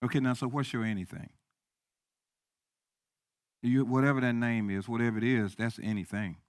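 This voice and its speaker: A man's voice: mid-range voice, fairly even intonation, moderate pace, dry recording. Emphatic preacher man, dry close sound. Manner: repetitive, emphatic, swings from quiet to loud. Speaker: pastor. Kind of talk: sermon.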